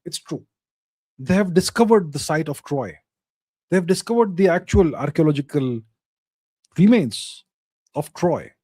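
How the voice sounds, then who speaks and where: Male host, slightly high mellow voice, emphatic repetition, dry close sound. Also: expressive, unhurried, long pauses, slightly rough, no echo. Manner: reads viewer questions aloud, then answers in short emphatic, repeated phrases. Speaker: host answering live chat questions. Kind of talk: casual live Q&A monologue.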